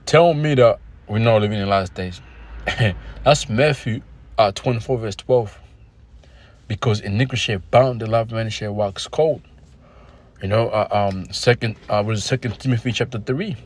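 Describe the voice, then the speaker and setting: A man vlogging in a casual, animated rant, telling street stories full of profanity and quoting scripture. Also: fairly low pitch, moderate pace. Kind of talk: casual ranting monologue. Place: Australia.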